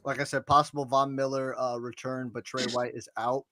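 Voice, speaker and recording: A man's voice: medium pitch, level tone, fairly quick, sharp tone. Emphatic male sports podcast host. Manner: emphatic, repeats "listen" and "like I said".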